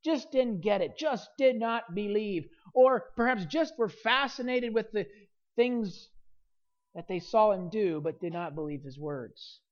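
Preacher working through a Gospel passage with earnest, building emphasis, mid pitch, muffled lo-fi audio. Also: unhurried. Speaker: pastor. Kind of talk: sermon.

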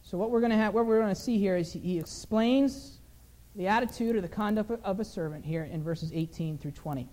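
Earnest man preaching, mellow voice. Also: high voice, a little fast. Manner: earnest, personal storytelling with rising emphasis. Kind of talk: sermon.

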